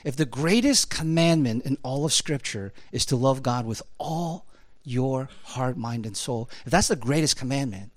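A middle-aged man preaching a sermon in a casual, conversational way, peppering his talk with "right?" and "you know" and rising high and loud when he makes a point. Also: moderate pace, few pauses, dry recording. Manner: animated, swings high and loud when emphatic.

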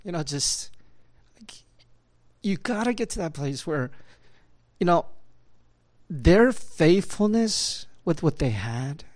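A man's voice: fairly high pitch, sing-song, takes it slowly, pauses often, a little mellow. A man preaching a sermon as a pastor, in a conversational style with many fillers and tag questions. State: choked up at times.

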